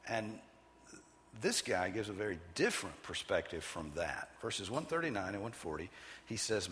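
A man preaching an expository sermon, teaching with an emphatic, measured cadence. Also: fairly low pitch, big pitch swings, a bit bright, long reverb tail.

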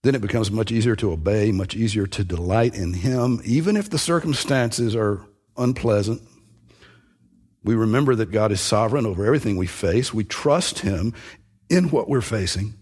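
A man's voice: fairly low pitch, normal speed, a little mellow, breathy edge. A man preaching a sermon, earnest and emphatic, building on repeated phrases.

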